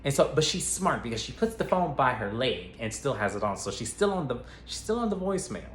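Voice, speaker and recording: A man's voice: mid-range voice, very animated, a little fast, a bit bright, a little hiss or hum. A man casually retelling a film plot as a movie reviewer, chatty and profane, talking straight to his viewers. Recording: roomy echo, faint ambience.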